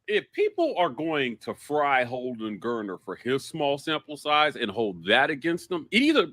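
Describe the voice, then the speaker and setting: A man co-hosting a sports podcast, animated and excitable, jumping in often on a close mic. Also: mid-range voice, normal speed, no echo. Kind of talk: casual sports talk.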